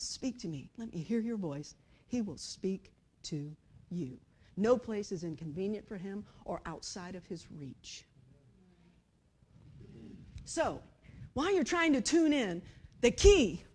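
A woman preaching a sermon in an animated storytelling way, moving from hushed to loud and acting out voices. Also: high voice. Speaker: pastor.

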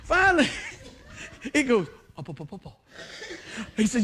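A man's voice: very high voice, normal speed. A male preacher, telling a story in a sermon and acting out the quotes. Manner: animated storytelling with acted-out quotes.

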